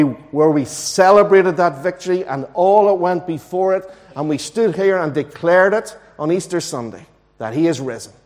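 Emphatic male preacher. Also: a little high. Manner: earnest, emphatic preaching with slowed stresses. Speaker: pastor. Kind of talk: sermon. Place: church.

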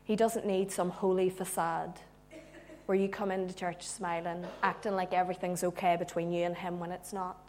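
A woman preacher giving a sermon with humorous asides, moving from loud emphasis to hushed tones. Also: fairly low pitch, level tone, normal speed, slight background noise.

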